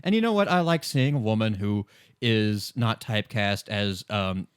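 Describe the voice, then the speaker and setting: A man's voice: lowish voice, lively intonation, moderate pace, clear, resonant tone, no echo, studio quality. A man co-hosting a podcast in casual chat, wry and sarcastic, laughing often. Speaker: podcast co-host.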